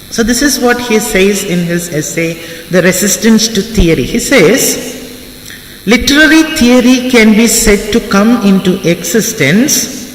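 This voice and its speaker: A man giving a classroom lecture on literary theory, repeating phrases and spelling out words for his students. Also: high-pitched. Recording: echoey hall, voice from far off, faint ambience.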